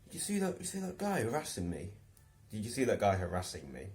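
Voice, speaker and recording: A man's voice: fairly low pitch, wildly swooping pitch, fast talker, a little mellow. A man voicing an awkward, overly familiar middle-aged handyman who keeps repeating the same friendly greetings. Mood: indignant. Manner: repetitive, overly familiar chatter.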